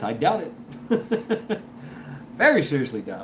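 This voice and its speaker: A man talks casually on a livestream, reacting to chat in stop-start bursts and repeating himself as he goes. His pitch swings around a lot. A steady hiss of background noise sits under the voice. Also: unhurried. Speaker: livestream host reading chat. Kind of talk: casual rambling livestream talk.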